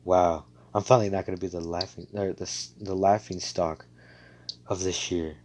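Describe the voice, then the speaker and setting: A man's voice: low-pitched, steady tone, moderate pace, a little mellow, lightly acted. A man voicing a blunt, crude male squad captain who swears freely. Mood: gruff.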